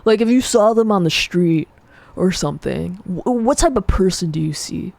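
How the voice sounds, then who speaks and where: A woman streamer putting on a deeper, calmer voice in casual live stream chat, talking slowly and hesitantly and trailing off. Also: gravelly, no echo. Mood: earnest. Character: deeper-voiced young woman, calm and low.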